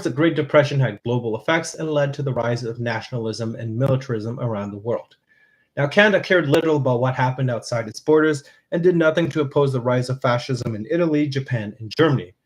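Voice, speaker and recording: A man reading a scripted history narration in a steady, measured way, with dry asides. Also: medium pitch, poor audio.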